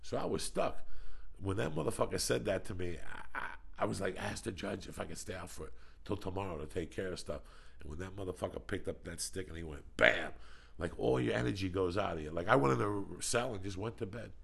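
A male podcast host with a deep voice and a gravelly edge. He tells stories bluntly and swears freely, in a loose conversational tone. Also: a little fast, fairly bright tone. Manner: blunt, profane storytelling. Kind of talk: casual chat.

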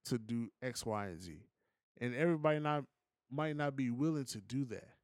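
A man co-hosting a podcast, giving his opinions in a relaxed, slangy, casual chat. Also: medium pitch, moderate pace, no echo, clean studio sound. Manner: laid-back, opinionated, slangy. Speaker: podcast co-host.

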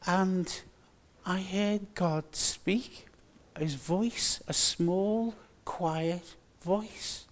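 An older man delivers a sermon in an earnest, emphatic way. He speaks slowly, with a slightly raised pitch, and leans on repeated phrases. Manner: earnest, slow and emphatic with repetitions. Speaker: preacher.

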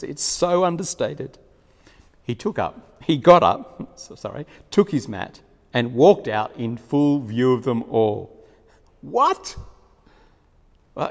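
A slightly high-voiced man preaching a sermon, telling the story vividly and chuckling as he goes. His voice rings with a long reverb from a large hall. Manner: storytelling, animated, chuckling often.

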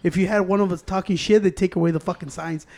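Animated high-voiced guy, swearing and loud. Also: quick pace, vocal fry. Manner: swearing, mixes in Spanish, loud and animated when arguing. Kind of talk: casual chat.

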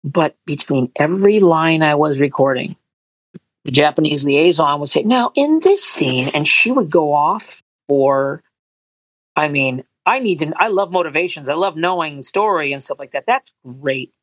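A man being interviewed as a voice actor, telling animated anecdotes and acting out quotes in higher voices. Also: normal speed, dry recording, rough recording. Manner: animated storyteller, acts out quotes in high voices. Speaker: voice actor guest.

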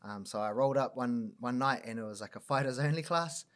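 A man's voice: medium pitch, fairly quick. Slangy New Zealand man telling stories. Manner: slangy, animated, laughs often. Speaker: guest, mental performance coach. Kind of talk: casual storytelling chat.

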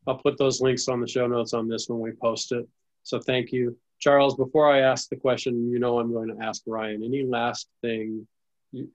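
A man's voice: medium pitch, lo-fi sound. A man hosting a podcast interview, earnest and open about getting emotional as he wraps up. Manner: warm, earnest, gets emotional. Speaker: podcast host. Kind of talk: casual interview chat.

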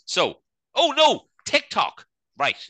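A man's voice: extremely high pitch, wildly swooping pitch, takes it slowly, pushed and bright, no room sound. A man co-hosting a casual comedy podcast, rambling and tagging "right?" onto his sentences. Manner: rambling, peppers speech with "right?". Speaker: podcast co-host.

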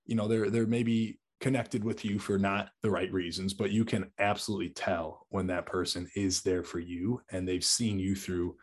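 Husky-voiced young podcast host. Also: male voice, low-pitched, flat delivery, normal speed, hardly any pauses. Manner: enthusiastic, filler-heavy with many likes. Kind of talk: casual interview chat.

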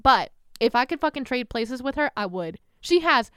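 A young woman co-hosting a casual anime podcast, animated and profane, laughing often and dropping into whispers. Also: a little high, normal speed, smooth, no room sound, studio quality. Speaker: podcast co-host.

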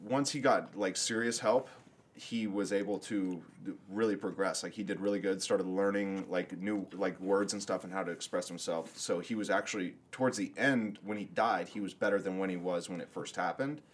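A man with a low, husky voice, laying things out plainly in a relaxed chat between friends. He swears here and there without fuss. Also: moderate pace. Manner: matter-of-fact explainer, casual swearing. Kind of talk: casual chat.

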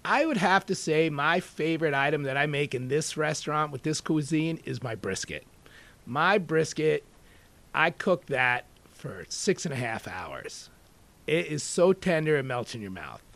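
A talkative chef from New York telling stories in an animated, rambling way, full of "you know.". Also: male voice, on the high side, a little slow, gravelly. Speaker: executive chef and deli owner. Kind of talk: casual interview talk.

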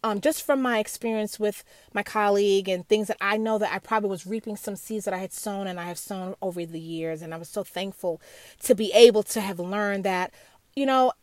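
A woman's voice: medium pitch, a bit bright, no room sound. A middle-aged woman sharing a candid, earnest personal reflection on faith, emotional and full of restarts and asides.

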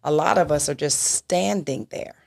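A woman's voice: low-pitched, moderate pace, gravelly. A woman minister in a church talk discussion, speaking emphatically and asking rhetorical questions.

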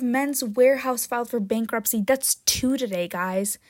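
A woman hosting her own podcast in a casual, jokey chat, often tagging "right?" and "um", with sudden excited jumps in pitch and loudness. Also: unhurried, no echo, clean studio sound. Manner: chatty and jokey, with frequent "right?" and "um". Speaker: podcast host.

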